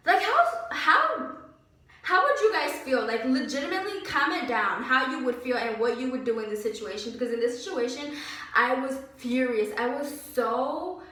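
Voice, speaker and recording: A young woman vlogger telling a story about a bad job in a casual, animated and indignant way, with lots of "like". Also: sits high, moderate pace. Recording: very echoey room, slightly distant mic.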